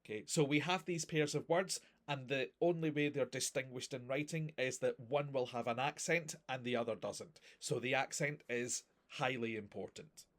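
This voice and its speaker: A language teacher gives a recorded grammar lesson, explaining patiently with examples and frequently checking understanding. His mid-range voice is fairly bright, at normal speed with hardly any pauses.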